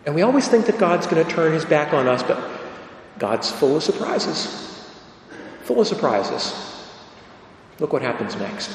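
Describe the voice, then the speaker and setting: A priest giving a sermon, telling the story dramatically, sometimes dropping to a low hush. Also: male voice. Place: large church. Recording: echoey church with long reverb.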